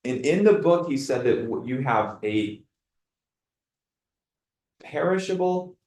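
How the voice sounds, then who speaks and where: A man leading his team in a meeting. He coaches them in a lively way and acts out dialogue with clients. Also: medium pitch, slow pace, reverberant, low-quality recording. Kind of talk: meeting talk. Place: meeting room.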